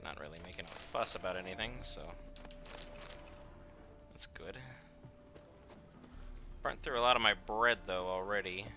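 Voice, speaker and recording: A man's voice: sits low, unhurried, pauses often, music in the background. A man streaming a game, chatting casually and wryly to his chat as he plays. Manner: chatty, wry, talks to chat. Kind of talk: casual gameplay commentary.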